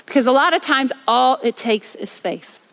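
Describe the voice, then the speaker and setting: A woman preacher delivering an energetic sermon on a church stage, telling stories with rhythmic repetition. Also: sits high, normal speed. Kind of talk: sermon with storytelling.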